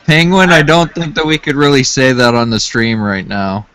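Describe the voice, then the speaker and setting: Cautious, hesitant man, average pitch, keeps the group chat in check. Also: steady tone, moderate pace, fairly bright tone. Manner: cautious, reining others in. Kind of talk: casual chat.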